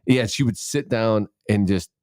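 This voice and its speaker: Man, low voice, dry close sound, middle-aged, rambling casual chat, swears, restarts a lot. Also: unhurried, darkish tone, no echo. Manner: rambling, self-interrupting, swears freely. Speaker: podcast co-host.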